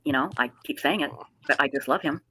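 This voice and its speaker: A woman's voice: low voice, fast, sharp tone, slight background noise, rough recording. A woman hosting a live stream in casual, effusive chat, with a slight lisp from new dentures. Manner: effusive, chatty. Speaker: livestream host.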